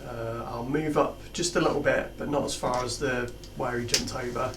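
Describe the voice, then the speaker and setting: A man plays a tabletop game, working out his moves aloud and restarting his sentences. He sits away from the mic, and the room rings around him. His pitch is middling. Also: fairly even intonation, normal speed, fairly bright tone, a little hiss or hum. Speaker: player. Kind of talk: tabletop game play, casual. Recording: roomy, distant mic.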